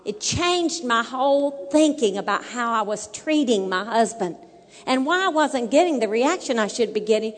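A high-voiced woman tells a funny marriage story from the pulpit, acting out both sides of the dialogue. She laughs often as she speaks, and her voice rings through a hall with a long echo. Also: lively intonation, moderate pace. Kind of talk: humorous sermon testimony.

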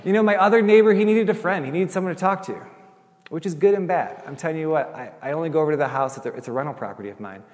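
A middle-aged male pastor preaches in a loose, conversational way and acts out the people in his stories. His voice sits a little high, and a long reverb trails behind him in a big hall. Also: racing. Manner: animated, chatty, acts out quoted voices. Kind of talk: sermon storytelling.

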